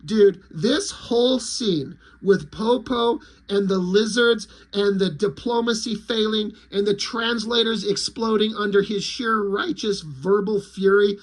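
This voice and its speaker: A man with a high, husky voice recounts a comic in a casual, excited rush, swearing freely. His telling is loose and enthusiastic, like an eager fan talking to viewers. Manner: excited, profane, laughing storyteller. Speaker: comic reviewer.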